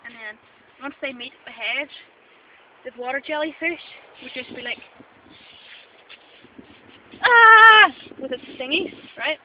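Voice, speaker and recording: High-voiced Northern Irish woman, rambling. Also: moderate pace. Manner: rambling, playful, lots of "wee" and "right?". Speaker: mock expert. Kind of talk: improvised mock documentary. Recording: dull lo-fi camera audio with loud background noise.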